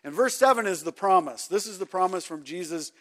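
Very high-voiced male preacher. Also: animated, fairly quick, fairly bright tone. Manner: conversational, quizzes the listeners. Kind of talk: sermon.

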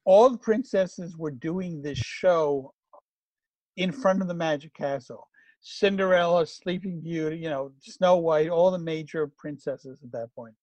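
Middle-aged man, high-pitched anecdote teller, animated, dry close recording. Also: measured pace, dry recording. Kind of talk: casual storytelling.

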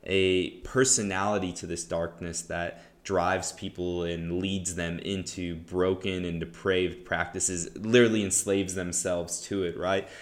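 Low-voiced man teaching casually. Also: unhurried, hardly any pauses. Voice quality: relaxed, conversational, lots of "right?" and "um". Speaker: podcast host teaching the Bible.

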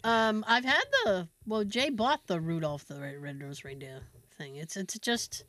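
A woman's voice: lowish voice, a little slow, fairly bright tone, dry recording. A woman co-hosting a podcast in casual chat, telling a long story with lots of restarts. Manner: rambling storyteller, trails off and restarts. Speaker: podcast co-host.

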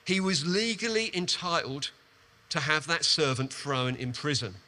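A man preaching a sermon, retelling a parable with animated, emphatic storytelling and quick repetitions. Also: on the high side.

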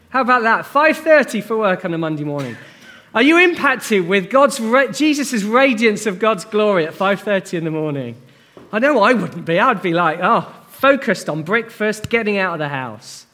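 A man preaching a sermon in an animated, conversational way, asking the congregation questions as he goes. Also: sits high.

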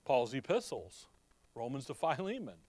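A man's voice: medium pitch, big pitch swings, moderate pace, darkish tone, dry recording. A man with a slight Chicago accent teaching a Bible sermon, reading verses aloud and asking his listeners rhetorical questions in a conversational way. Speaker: preacher.

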